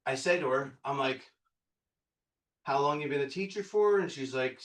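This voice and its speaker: Excitable high-voiced man yelling in a workshop. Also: moderate pace. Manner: excitable, loud, bursts into yelling; quizzes the audience, punchy and profane. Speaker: real estate sales trainer. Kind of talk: live workshop talk to a room. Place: meeting room with a live audience. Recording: echoey room, picked up from a distance.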